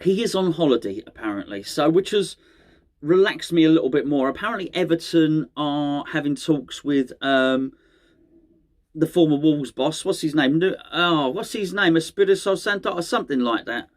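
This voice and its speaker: A man's voice: on the high side, moderate pace. A middle-aged man, hosting a fan channel in rambling, chatty solo talk that often corrects itself mid-sentence. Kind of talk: casual solo fan chat to camera.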